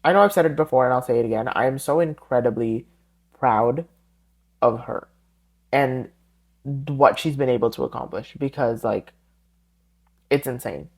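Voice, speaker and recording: Guy rambling on his solo podcast, chatty, keeps correcting himself, pretty average pitch. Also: normal speed, long pauses. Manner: rambling, tangent-prone, self-correcting. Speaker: podcast host.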